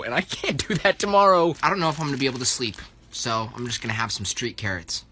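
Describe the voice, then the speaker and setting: Quick and sharp-toned at medium pitch, this young man talks casually to camera amid slight background noise. He's a twenty-something American TikTok vlogger in a tiny New York City apartment, upbeat and making fun of himself.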